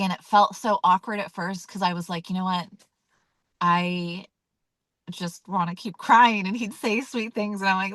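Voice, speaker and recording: A woman's voice: mid-range voice, fairly bright tone, dry recording. A woman leading a weekly community call, talking casually and candidly with many fillers and acting out her own reactions. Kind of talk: casual teaching talk.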